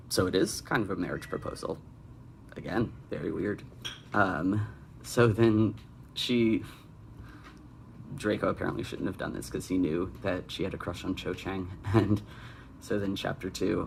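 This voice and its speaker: A man's voice: sits low, steady tone, moderate pace, creaky, slight background noise. A young man hosting a comedic critique of bad fan fiction, with sarcastic, exasperated asides. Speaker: fanfic critic and host.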